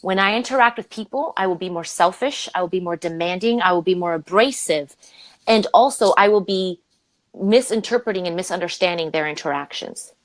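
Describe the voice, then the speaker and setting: Woman, Romanian-born leadership coach, animated guest storyteller. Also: a little fast, no echo, rough recording. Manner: animated, acts out quoted voices with big pitch jumps. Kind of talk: conversational interview storytelling.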